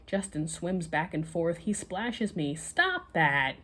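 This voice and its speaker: A woman reading a children's bedtime story aloud, with a lively, expressive delivery. Her voice sits a little low for a woman. She reads the story with plenty of emphasis and character. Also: measured pace, slightly rough.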